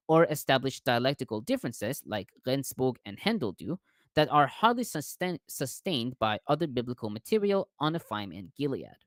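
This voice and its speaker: A man reading out scholarly commentary on a text, careful and measured, stumbling now and then on long words. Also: medium pitch, fairly bright tone, no room sound, clean studio sound. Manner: careful reading with small restarts on hard words.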